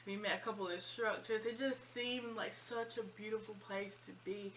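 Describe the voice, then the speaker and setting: A woman in her twenties telling a personal story in a chatty, animated vlog style. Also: medium pitch, normal speed, a little hiss or hum, rough recording. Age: 20s. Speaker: vlogger. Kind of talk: casual storytime.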